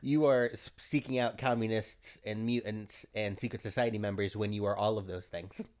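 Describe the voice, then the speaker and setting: A man running a tabletop role-playing game on a podcast, dry and deadpan, reading out rules and missions. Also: on the low side, moderate pace. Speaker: game master.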